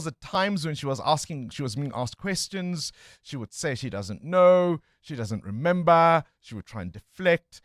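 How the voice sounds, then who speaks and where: A man's voice: medium pitch, no room sound, studio quality. A man hosting breakfast talk radio, commenting on the news in a conversational way with frequent fillers. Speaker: radio talk show host. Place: radio studio. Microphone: studio microphone.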